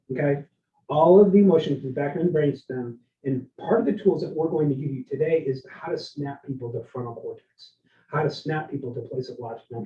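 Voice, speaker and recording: A middle-aged man giving a lively live leadership workshop talk, telling stories and checking in with the audience. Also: a little high, a little hiss or hum. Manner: energetic, storytelling, keeps asking the audience "right?". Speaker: keynote speaker. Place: event room with live and online audience. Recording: roomy, distant, dull lo-fi sound.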